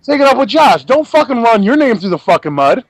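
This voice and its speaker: Brash, high-voiced podcast co-host. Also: male voice, very animated, a little fast, no room sound. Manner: brash, profane, repeats himself. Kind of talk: casual podcast chat.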